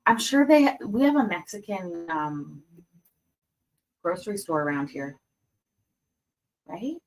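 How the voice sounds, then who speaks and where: A woman's lowish, slightly mellow voice comes across as animated yet unhurried. She's the host of a livestream reacting to court videos, casually chatting, giggling, and voicing her enjoyment as she samples candy.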